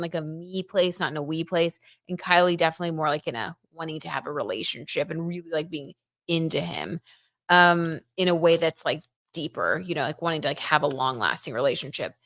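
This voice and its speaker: A woman with a lowish, fairly bright voice hosts a tarot gossip livestream, chatting casually, reading viewer comments aloud and filling her speech with "like" and "um." She's a tarot reader, and the recording is dry with clean studio sound.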